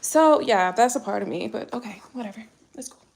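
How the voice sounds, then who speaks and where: A woman's voice: a little high, expressive, brisk, gravelly, darkish tone, slight background noise. A young woman, a tarot reader chatting casually and candidly on a live stream, swearing freely.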